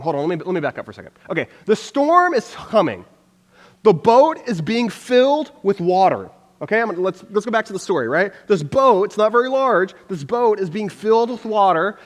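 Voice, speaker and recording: A pastor preaching in a relaxed, talkative way, his voice sitting a bit high for a man. He fills his sentences with "like" and acts out how people react. The sound rings on with the long tail of a hall. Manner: chatty, lots of "like", acts out reactions. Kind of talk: casual sermon.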